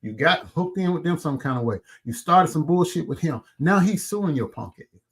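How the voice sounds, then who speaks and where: Fired-up man ranting, pitch swinging wide. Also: expressive, moderate pace, breathy edge. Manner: angry, cussing, swings from loud to low; eats while talking. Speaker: commentary vlogger. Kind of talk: heated call-out rant.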